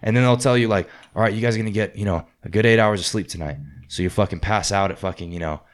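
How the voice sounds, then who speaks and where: A man with a lowish voice talking quickly in a casual chat. He swears nearly every sentence and slips into barked drill-instructor lines as he tells his stories. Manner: profane, swears constantly, acts out drill instructors. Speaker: former Marine telling boot camp stories.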